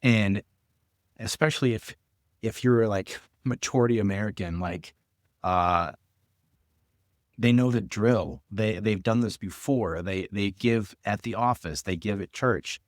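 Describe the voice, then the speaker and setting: A man's voice: fairly low pitch, a little slow, no echo, clean studio sound. A man talking casually on a podcast about fundraising as a coach, thoughtful, with restarts and many fillers.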